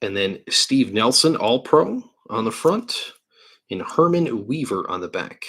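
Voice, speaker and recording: A man's voice: medium pitch, very animated, measured pace, fairly bright tone, husky. A man from New York hosting a live card-break stream, chatting casually and thinking aloud while he opens packs. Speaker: livestream card-break host. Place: indoor card-break studio.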